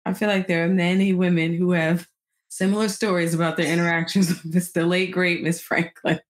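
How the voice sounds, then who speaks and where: Lower-voiced woman host, supportive. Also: little pitch movement, fairly quick. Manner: supportive, reflective. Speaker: interviewer host. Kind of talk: casual interview.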